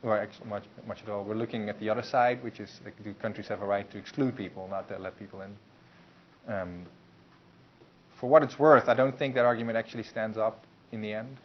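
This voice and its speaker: In a muffled recording with faint hiss, a man gives a university lecture in a casual, conversational manner, often restarting and filling gaps. His voice is on the low side, fairly even in intonation, and fairly quick.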